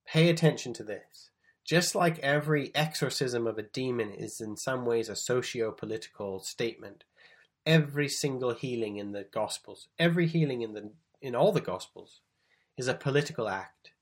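A man's voice: mid-range voice, breathy edge. A man teaching from the Gospels, explaining the text and reading passages aloud with emphasis. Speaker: preacher. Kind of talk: bible teaching talk.

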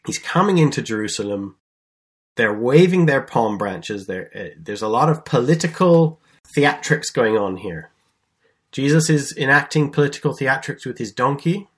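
A man of middle pitch teaches a Bible lesson in an easy, conversational voice. He tells the story in a lively way, leaning hard on key words and now and then restarting a phrase. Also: moderate pace. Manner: lively storytelling with emphatic stresses.

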